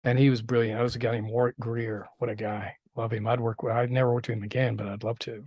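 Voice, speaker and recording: A man's voice: mid-range voice, flat delivery, fast talker, a little mellow, breathy edge, no echo. A man, a film director, telling stories in a casual interview, rambling with many restarts and fillers. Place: interview set.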